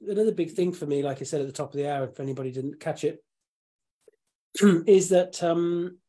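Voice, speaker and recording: A man hosting a casual live chat, rambling with restarts and frequent throat clearing. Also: a little high, a little fast, dark tone. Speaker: host.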